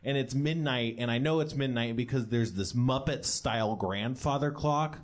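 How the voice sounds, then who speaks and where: A man's voice: mid-range voice, moderate pace. Man chiming in, casual chat. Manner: chiming in with short remarks.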